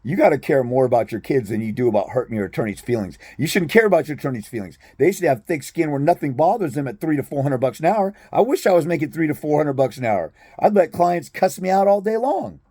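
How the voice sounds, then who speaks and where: A man's voice: a little high, expressive, fast, hardly any pauses, warm tone, dry recording, studio quality. A man ranting bluntly and profanely to his viewers as a fathers' rights advocate, exasperated and confrontational.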